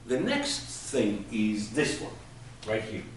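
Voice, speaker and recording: A man's voice: lowish voice, huge pitch swings, takes it slowly. Echoey man teaching a class. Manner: patient, explains with everyday examples. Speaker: Hebrew teacher. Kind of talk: classroom lesson. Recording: echoey room from far off, faint noise.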